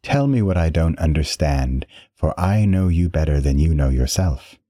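Snide, menacing tormentor, read by a man, uppity and mocking, dark husky tone. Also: a bass voice, expressive, no echo, clean studio sound. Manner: sneering, snarky, drawn-out threats.

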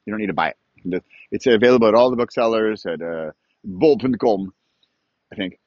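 A man's voice: lowish voice, fairly quick, dry recording. A man talking casually about his books and courses while out walking his dogs, rambling and self-amused. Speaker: author and online course creator. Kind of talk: casual walk-and-talk vlog. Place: outdoors. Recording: dry, slightly dull lo-fi audio.

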